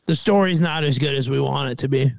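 A man's voice: mid-range voice, fast, creaky, no room sound. A man co-hosting a podcast in casual chat, wry and teasing, firing off questions. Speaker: podcast co-host.

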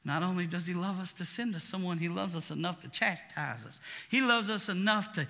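High, bright-voiced preaching man in a hall. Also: brisk, gravelly, hardly any pauses. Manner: preaching, swings from quiet to shouting. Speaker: pastor. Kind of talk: sermon.

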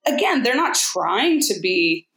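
A woman voice actor talking candidly in a casual interview, animated and quick to mimic people in her stories. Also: medium pitch. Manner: candid, animated storyteller who mimics others. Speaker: voice actor guest. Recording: roomy echo.

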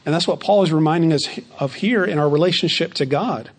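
Man, pastor, sermon, fairly high voice, slows for emphasis, repeats words. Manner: slows down and stresses key phrases; repeats words when starting a phrase.

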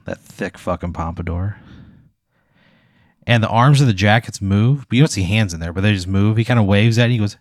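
A man's voice: fairly low pitch, fairly quick, no room sound, clean studio sound. Casual, profane man narrating a game. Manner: casual, profane, vivid storytelling. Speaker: game master.

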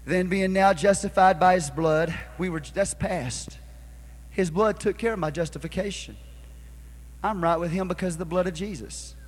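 A male pastor preaching a sermon, calling on the congregation to answer back and building to shouts. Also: sits high, moderate pace. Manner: preaching with call-and-response, rising to shouts. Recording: live church sermon recording.

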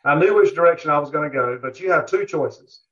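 A man's voice: a little high, expressive, fairly quick, fairly bright tone. A man, a guest on a barbecue podcast, telling a rambling story in a casual interview, full of fillers and asides. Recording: dull lo-fi audio.

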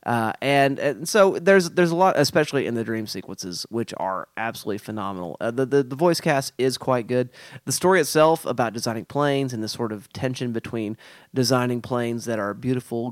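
A man from Oklahoma co-hosting a casual film analysis podcast, animated and jokey with playful asides. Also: mid-range voice, brisk, dry recording, clean studio sound. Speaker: podcast co-host.

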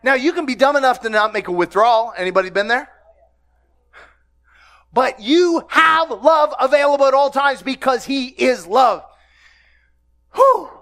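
A man preaching a sermon to a congregation, lively and humorous, breaking into laughter and shouted exclamations while asking questions of his listeners. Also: extremely high pitch, moderate pace, pauses often. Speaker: pastor.

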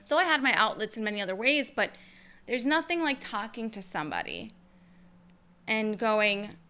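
A young woman telling her personal story to camera in a casual, energetic way, expressive and quick, with playful asides. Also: fairly high pitch. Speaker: vlogger sharing her story.

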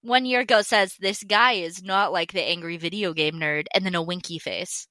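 Bright giggly woman reading comments. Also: fairly low pitch, normal speed. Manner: reads comments aloud, giggly. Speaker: podcast co-host. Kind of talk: casual chat.

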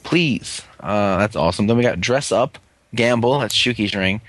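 A man's voice: fairly low pitch, moderate pace, fairly bright tone, no echo. A man hosting a casual chat, reading through a long list with offhand jokes. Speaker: host. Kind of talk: casual toy-review chat.

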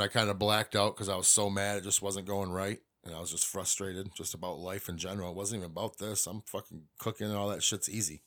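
A man's voice: fairly low pitch, fairly bright tone. Profane, rambling middle-aged man. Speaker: podcast host. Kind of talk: casual monologue.

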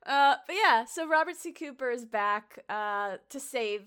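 A woman co-hosting a podcast in casual chat, animated and laughing often. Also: a little high, unhurried, clean tone. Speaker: podcast co-host.

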